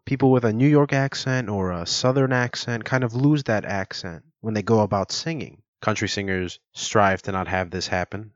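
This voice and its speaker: A man's voice: lowish voice, dry recording. A man hosting a solo podcast, explaining things in a chatty, playful way. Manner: chatty, explanatory, playfully demonstrates words aloud. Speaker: podcast host. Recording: dull lo-fi recording.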